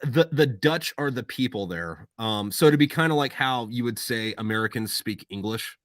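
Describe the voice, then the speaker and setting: A man's voice: medium pitch, moderate pace, no echo. Profane, rambling man on a dry mic. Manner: profane, rambling, animated storyteller. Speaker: podcast guest. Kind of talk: casual chat.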